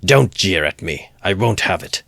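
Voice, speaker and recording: A man's voice: sits low, expressive, a little slow, gravelly, a bit bright, dry recording, studio quality, exaggerated voice. A man reading aloud as a proud young man under suspicion, speaking in angry, imperious outbursts. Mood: furious.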